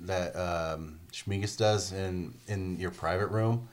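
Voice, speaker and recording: A man with a very low, deep voice chats loosely about a game he loves. He rambles, restarts and swears freely, and drops into little acted-out quotes along the way. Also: takes it slowly. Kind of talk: casual chat about a video game.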